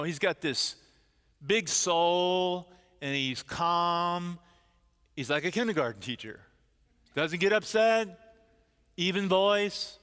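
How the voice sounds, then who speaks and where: Pastor, male, high and bright tone, animated storytelling sermon, long church reverb. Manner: animated storyteller, acting out quoted voices.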